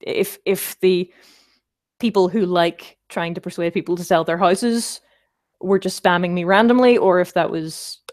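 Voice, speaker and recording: A woman's voice: on the low side, steady tone, unhurried, a little mellow. A woman hosting a casual livestream, chatting and rambling as she answers viewer comments, with wry self-deprecating asides.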